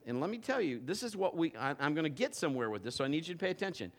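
A male pastor with a slightly higher voice preaches to a live congregation. He tells a homely story full of restarts and wry self-mockery, and his delivery climbs when he makes his point. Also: very fast. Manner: animated storyteller, restarts, self-mocking humor. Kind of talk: sermon with a personal story. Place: church before a congregation.

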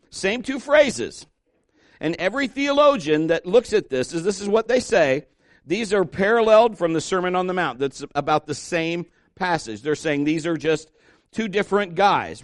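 Man, pastor, chatty sermon, slightly high voice, dry close sound, slows for scripture. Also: dry recording. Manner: conversational, joking, with fillers and restarts, slows to stress scripture.

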